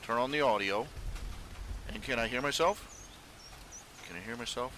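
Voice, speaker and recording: A man's voice: medium pitch, moderate pace, a bit bright, slight background noise. A man chatting casually to viewers during a live stream at his computer, rambling with many fillers and restarts. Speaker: webcomic artist streaming live. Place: home room at his computer.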